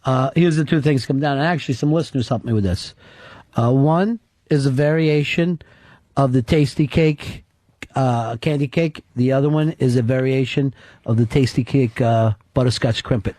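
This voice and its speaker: A man's voice: medium pitch, moderate pace, dark tone, no echo. A man hosting a talk radio show, brash, sarcastic and profane in casual banter. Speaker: radio host. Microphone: studio microphone.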